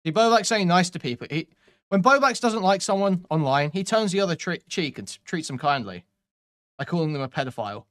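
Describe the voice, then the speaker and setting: A man's voice: high-pitched, lively intonation, quick pace, fairly bright tone. A man commenting on clips during a stream, sarcastic and mocking, swearing often.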